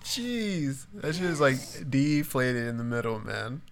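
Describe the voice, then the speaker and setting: Laughing, swearing man with loud noise behind. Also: medium pitch, very animated, unhurried. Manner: laughs often, swears, reacts in short bursts. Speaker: podcast co-host. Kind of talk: casual chat.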